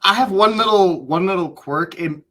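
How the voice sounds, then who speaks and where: A man's voice: high voice, moderate pace, bright, forceful tone. A man co-hosting a comics podcast, talking casually with many ums and playful asides. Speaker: podcast co-host and voice actor. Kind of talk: casual comic book review chat.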